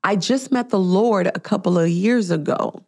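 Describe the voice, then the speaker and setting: A woman in her thirties, a podcast host, chatting casually and telling an animated story, acting out the people she quotes. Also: medium pitch, moderate pace. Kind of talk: casual chat.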